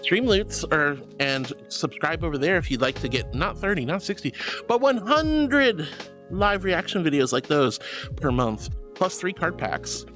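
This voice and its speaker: A woman's voice: sits low, sing-song, measured pace, over music. A young woman streamer chatting casually and reading out chat messages, bubbly, giggly and affectionate.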